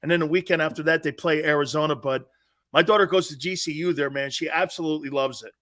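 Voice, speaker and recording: A man's voice: a little high, fairly even intonation, fast talker, a bit bright. A middle-aged man hosting a sports talk radio show, brash and mocking, talking back to his listeners. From United States.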